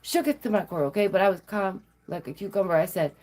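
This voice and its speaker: Sassy, animated woman vlogger. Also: mid-range voice, fast talker. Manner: sassy, animated, laughs often. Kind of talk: casual storytelling to viewers.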